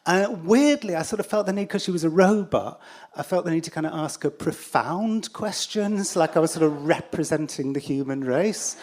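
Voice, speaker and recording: An English man telling a true story on stage in a wry, self-deprecating way, halting with fillers and restarts. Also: fairly high pitch, darkish tone. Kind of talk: live storytelling.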